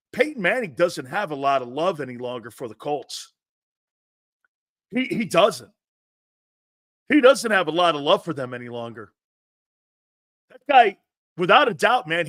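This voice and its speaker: Male sports talk host, brash and mocking, unhurried delivery, bright tone. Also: high voice, no room sound, studio quality. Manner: brash, mocking, laughs often. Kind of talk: opinionated sports talk commentary.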